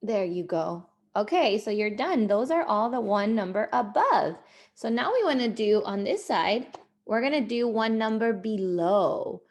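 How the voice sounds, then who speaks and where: Young mom teacher, gravelly and a bit high, patient and coaxing. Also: female voice, expressive, measured pace. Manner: patient, coaxing, laughs often. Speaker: parent guiding a child's activity. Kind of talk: casual home teaching and outro.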